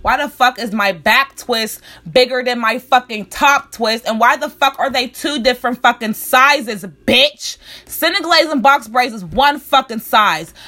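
A woman's voice: high-pitched, sharp tone. A young woman telling a story as a heated, profanity-filled, confrontational rant to the camera. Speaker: law student.

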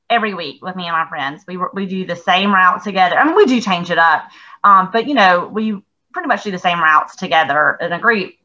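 A middle-aged woman telling stories in a casual podcast chat, animated, laughing and swearing freely. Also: lowish voice, highs cut off. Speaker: podcast co-host.

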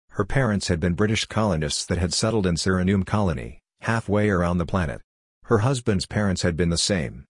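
A man with a very low, husky voice reads a story aloud in a steady, even way. The recording is dry and close, with no room sound behind him. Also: no room sound. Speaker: audiobook narrator. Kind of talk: scripted narration.

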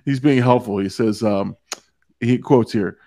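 A man's voice: mid-range voice, a little slow, dark tone. A man hosting a podcast, chatting casually about a movie, laughing often and reading quotes aloud. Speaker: podcast host. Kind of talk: casual movie review chat.

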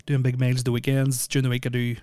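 A man's voice: medium pitch, completely flat delivery, quick pace, mellow, smooth, dry recording. A man hosting a solo podcast, rambling with lots of ums and dry jokes. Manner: rambling, filler-heavy, joking. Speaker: podcast host. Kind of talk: casual solo podcast chat.

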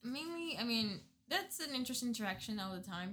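A young woman chatting casually, an animated storyteller who acts out what people said. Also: fairly high pitch, fairly quick. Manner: animated storyteller, acting out quotes. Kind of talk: casual chat.

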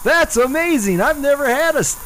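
A man doing improvised comedy role-play as an announcer, with showy patter that swings widely in pitch. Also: lively intonation, fairly quick, fairly bright tone, slight background noise. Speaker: comedy podcast cast member playing an announcer.

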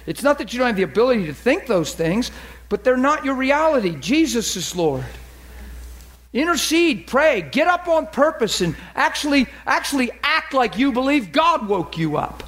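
A man preaching as a pastor, animated and acting out quoted voices in a lively sermon. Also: very high-pitched, normal speed.

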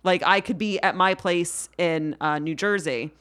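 Playful woman with a low voice. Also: measured pace, fairly bright tone. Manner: playful, slips into mock-formal voice. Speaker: podcast guest. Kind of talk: casual podcast chat. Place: podcast studio in Queens.

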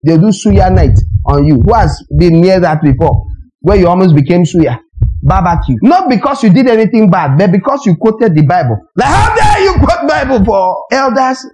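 A man, preaching a sermon as pastor in an animated, emphatic way full of rhetorical questions. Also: sits high, poor audio.

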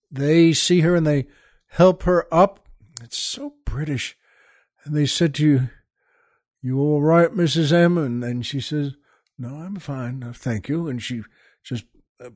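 A man hosting a podcast, casually retelling a film scene at a leisurely pace and dropping into hushed pauses. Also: fairly high pitch, no echo, studio quality. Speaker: podcast host. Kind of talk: casual storytelling monologue.

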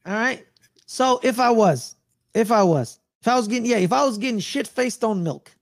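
A man's voice: sits high, lively intonation, normal speed, creaky, no echo, studio quality. A man co-hosting a sports podcast, ranting in a loose, slangy way and repeating himself. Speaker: podcast co-host. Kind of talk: casual sports chat.

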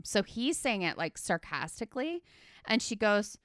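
A woman's voice: medium pitch, lively intonation, moderate pace, a bit bright, clean tone, no echo, clean studio sound. A woman in casual chat, retelling a film scene by scene with lots of fillers and acting out the characters' lines. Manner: chatty, filler-heavy, acts out the characters' lines.

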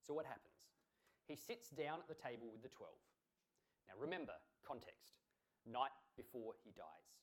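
A man's voice: mid-range voice, sing-song, moderate pace. A man preaching a sermon in an earnest, emphatic way, asking rhetorical questions.

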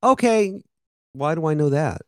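A man co-hosting a podcast, telling wry stories with plenty of swearing. His pitch swings widely as he talks. The sound is dry and close, with no room around it. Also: animated, measured pace, a little mellow, clean tone, no room sound. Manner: wry, profane storytelling. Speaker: podcast co-host. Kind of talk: casual chat.

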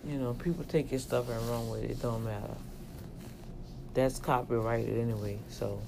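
Man vlogger, gravelly voice, preachy and emphatic, addressing viewers, slight background hiss. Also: medium pitch, fairly even intonation, normal speed, darkish tone. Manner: emphatic, sermon-like exhortation; talks directly to viewers, folksy. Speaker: vlogger and self-publisher. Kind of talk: casual preachy rant to camera.

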